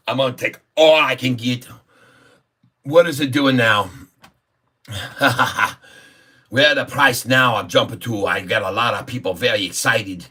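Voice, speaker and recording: A man hosting a casual stock-trading livestream, excitable, with whoops, laughs and rhyming banter. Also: mid-range voice. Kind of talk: casual livestream market commentary.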